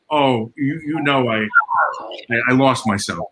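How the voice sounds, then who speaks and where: A man working as a sound engineer tells animated stories, acting out quoted dialogue. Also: mid-range voice, unhurried. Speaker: guest, concert and theater sound engineer. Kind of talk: storytelling in casual chat. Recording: noticeable background noise.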